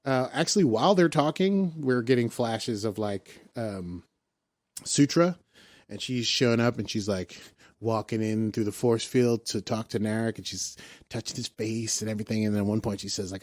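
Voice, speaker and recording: A man casually retelling a TV episode on a podcast, rambling and slipping into quick impressions of the characters. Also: fairly low pitch, a little mellow, no echo, studio quality. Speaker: podcast co-host recapping an episode. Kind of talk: casual chat.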